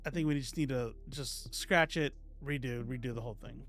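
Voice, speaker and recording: A man's voice: medium pitch, brisk, a bit bright, faint music behind. A man doing casual live-stream political commentary, sarcastic and rambling, reading viewers' comments aloud as he goes.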